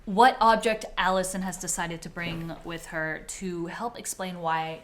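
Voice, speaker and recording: A woman's voice: on the low side, fairly even intonation, a little slow, fairly bright tone, slight background noise. A woman co-hosting a podcast in casual chat, talking chattily, laughing often and restarting her thoughts. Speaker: podcast co-host. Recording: roomy echo.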